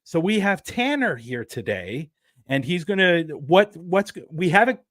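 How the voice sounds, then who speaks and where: A man hosting a podcast, chatting in an easygoing, friendly way with some halting restarts. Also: a little high, big pitch swings, fairly bright tone, no room sound, studio quality. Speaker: podcast host. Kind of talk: casual podcast chat.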